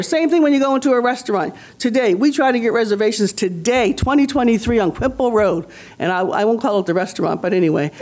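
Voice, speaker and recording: Rousing woman speaker on a panel. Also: on the high side. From Nova Scotia, Canada. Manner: rousing, rhetorical, repeats phrases for emphasis. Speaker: community leader on a conference panel. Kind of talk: impassioned panel talk.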